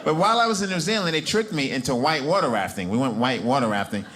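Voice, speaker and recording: Animated comic from Brooklyn. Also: male voice, mid-range voice, quick pace. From Brooklyn, New York. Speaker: stand-up comedian. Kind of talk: stand-up comedy. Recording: noisy club recording.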